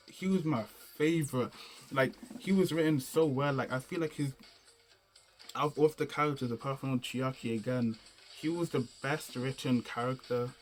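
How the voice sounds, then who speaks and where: A man's voice: medium pitch, slight background noise. A young adult man giving a casual, unscripted game review, rambling and slangy, often restarting sentences and searching for words.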